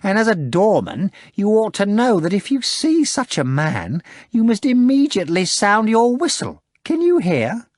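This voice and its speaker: A man's voice: medium pitch, animated, unhurried, no room sound, natural voice. A stern, commanding manager who scolds and barks orders, as a male narrator puts him on. He sounds hard and clipped, close to a dry mic with no room around him. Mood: scolding. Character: commanding restaurant manager posing as a stern pirate-like boss.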